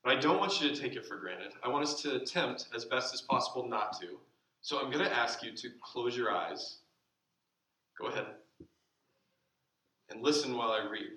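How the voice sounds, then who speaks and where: A man delivers a sermon from the pulpit, his voice bright and ringing, stretching key phrases slowly and then letting them fall away quietly. The sound carries through a roomy church, picked up from some distance. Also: mid-range voice, animated. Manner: slow deliberate emphasis, dropping to soft asides. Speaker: pastor. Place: church sanctuary.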